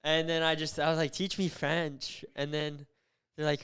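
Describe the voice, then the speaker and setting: Animated young man rambling on a podcast. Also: a little high, fairly quick, clean tone. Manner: rambling, animated storytelling with lots of fillers. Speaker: podcast co-host. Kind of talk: casual chat.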